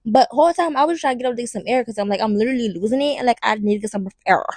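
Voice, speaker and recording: Young woman, high voice, dry close sound, animated storytime, slangy and blunt. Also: very fast, no echo. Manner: animated and dramatic, talking straight to the viewer; slangy and blunt, with some swearing. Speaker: vlogger. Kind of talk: casual storytime.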